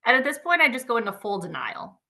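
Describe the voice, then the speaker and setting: Bright, lively woman telling a story. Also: a little high, quick pace, creaky. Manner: animated, acts out quoted dialogue, laughs often. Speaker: podcast co-host telling a personal story. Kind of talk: casual chat, storytelling.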